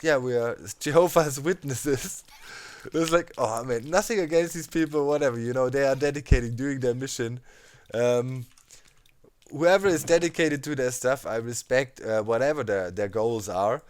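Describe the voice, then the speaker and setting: A man, chatting casually while he plays a game. He tells his story in an animated way, laughs often and leans on fillers like "you know" and "man". His voice sits at an ordinary middle pitch. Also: moderate pace, clean tone, dry recording. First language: German. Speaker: let's play host. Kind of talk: casual storytelling over gameplay.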